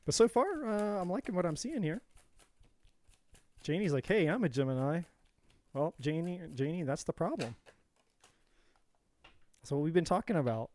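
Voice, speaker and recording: A man's voice: sits high, sing-song, normal speed, pauses often, a little mellow. A man hosting a casual live tarot reading, rambling and joking, going off on tangents and talking to his viewers by name. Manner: addresses viewers directly by name.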